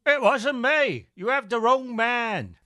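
A man voicing a cocky male coat thief in a Michael Caine-style impression, smooth-talking and swaggering. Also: extremely high pitch, animated, takes it slowly, pushed and bright, voice pushed up, heavily acted. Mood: protesting.

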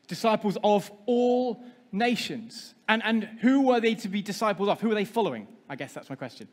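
A man gives a sermon from the front of a church, quizzing the congregation as he goes. His voice sits high for a man. The sound rings out with a long reverb from a large hall. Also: lively intonation, moderate pace. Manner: interactive, asks the congregation questions. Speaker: pastor.

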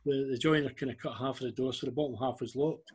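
A man's voice: medium pitch, steady tone, fast talker, darkish tone, slight background noise. An older man with a Scottish accent tells anecdotes in a casual interview and acts out the voices of the people in his stories. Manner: anecdotal, acts out quoted dialogue. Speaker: guest, former club liaison officer.

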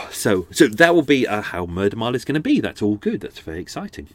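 A man with a slightly blocked nose hosts his podcast from a houseboat, rambling casually in a mid-range voice with big pitch swings at a slightly fast pace. He's chatty and meandering, often restarting and going off on asides. He sits close to a studio microphone, with no room sound.

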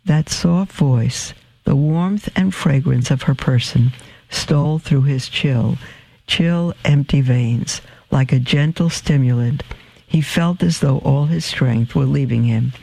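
A male radio host reading a story aloud in a measured, expressive way. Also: mid-range voice, vocal fry.

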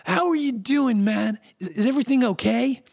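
A man doing an impression of a friendly, eager male film star, in a high, effusive voice. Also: lively intonation, normal speed. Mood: gushing welcome. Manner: gushing, high-pitched, effusive.

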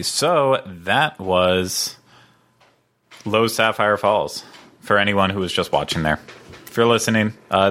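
A man's voice: on the low side, fairly bright tone. A man hosting a podcast in casual chat, rambling with lots of fillers and playful banter. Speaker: podcast host.

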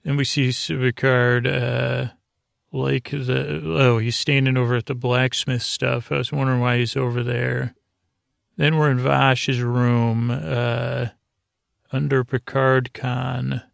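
A man hosting a bedtime podcast, recapping an episode in a halting, rambling way full of filler words. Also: mid-range voice, vocal fry, no room sound. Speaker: podcast host.

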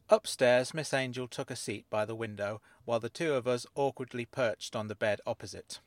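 A man narrating a first-person mystery story as scripted audiobook narration, in a hushed, understated way. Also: mid-range voice, lively intonation, normal speed, few pauses, no echo.

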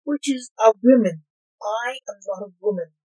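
A woman's voice: on the high side, a little slow, a little mellow, voice pushed up, poor audio. Woman doing a sly, dry warlock man. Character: sly, calm male warlock prisoner, dryly amused.

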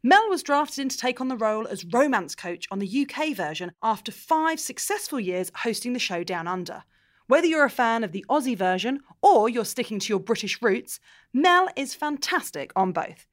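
Chatty woman in her thirties, very animated. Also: fairly high pitch, moderate pace. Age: 30s. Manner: chatty, playful, lots of likes and restarts. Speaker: podcast co-host, comedian. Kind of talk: casual podcast chat. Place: old pub.

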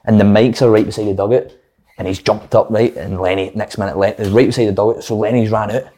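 Fast-talking Scottish footballer, swearing. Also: male voice, lowish voice. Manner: swears freely, animated anecdotes. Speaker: former footballer guest. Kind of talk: casual storytelling chat.

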